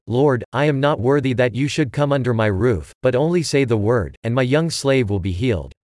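A man reading scripture aloud in a measured, steady way, phrase by phrase. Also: medium pitch, no room sound, clean studio sound. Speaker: scripture reader.

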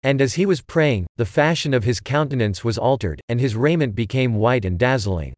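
A man giving a measured, even reading of scripture. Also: medium pitch, dry recording, clean studio sound. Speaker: scripture reader.

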